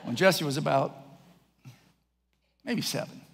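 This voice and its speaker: A man's voice: on the high side, slow pace, vocal fry. A middle-aged man preaching a sermon as pastor, telling a story and acting out the voices of others, laughing often. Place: large church hall. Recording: echoey church hall, faint noise.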